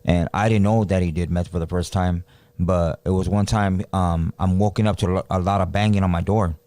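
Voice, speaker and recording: This man has a deep voice and a brisk pace, recorded with no echo. As a podcast co-host, he tells a story in a loose, slangy, animated way, acting out the voices of people he quotes.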